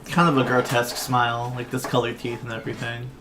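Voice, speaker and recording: A man running a tabletop game, narrating scenes in a relaxed, descriptive way with lots of fillers. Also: medium pitch, quick pace, background noise. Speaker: game master. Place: home, online stream.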